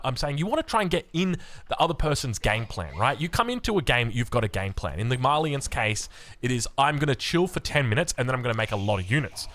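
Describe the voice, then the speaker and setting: Animated Australian man casting a strategy game. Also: mid-range voice. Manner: chatty, rambling, casual asides. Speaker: game caster and coach. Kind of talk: casual game commentary.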